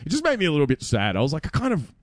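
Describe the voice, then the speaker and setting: A man's voice: a little high, very fast, no echo, clean studio sound. A man in his thirties with an Australian accent, chatting casually as a podcast co-host and mocking other voices. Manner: lively, slips into mocking put-on voices. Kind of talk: casual chat.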